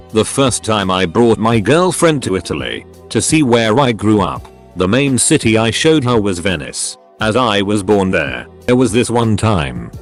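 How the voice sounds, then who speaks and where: A man with a low voice reads online stories aloud in a scripted narration style. His pitch moves in a lively, animated way as he goes through the anecdotes. Faint music plays underneath.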